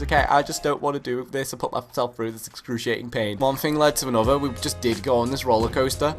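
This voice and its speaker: A young British man spins a comic story to camera, animated and over the top, with plenty of swearing. His pitch sits in an ordinary middle range. Faint music plays underneath. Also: fast talker, hardly any pauses. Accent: British English. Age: young adult. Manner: animated, exaggerated, swears a lot. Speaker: vlogger.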